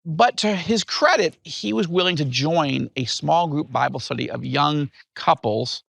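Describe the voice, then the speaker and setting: Gravelly, bright-voiced man telling his story. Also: fairly high pitch, unhurried, no echo, studio quality. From upstate New York. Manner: animated storyteller. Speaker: guest author. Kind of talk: personal storytelling in interview.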